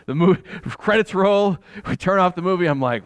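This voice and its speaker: A man's voice: sits high, very animated, brisk, hardly any pauses, dry recording. A middle-aged man preaching a sermon in a chatty, conversational way, with asides to his congregation and bursts of laughter. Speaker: pastor.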